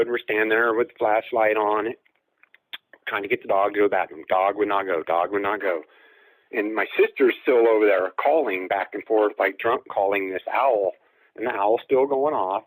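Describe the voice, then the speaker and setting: Low-voiced man telling a story. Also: no room sound, rough recording. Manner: rambling storyteller with fillers and quoted dialogue. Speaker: guest caller. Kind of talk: telling a personal encounter story.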